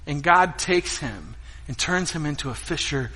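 A middle-aged man preaching a sermon as a pastor, telling stories in an animated way and acting out scenes. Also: a little high, moderate pace. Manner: animated storytelling, acts out scenes. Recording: echoey hall with guitar music behind.

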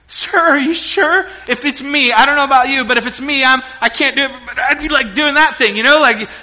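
A man preaching a sermon, animated and joking, acting out the characters' voices while a little sick. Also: very high voice, fast, rough recording. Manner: animated, jokey, acts out voices. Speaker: pastor.

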